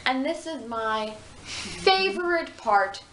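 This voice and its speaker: A young woman guest in a casual chat, enthusiastic and quick to agree. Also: high voice, big pitch swings, fairly bright tone. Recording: echoey room with faint noise.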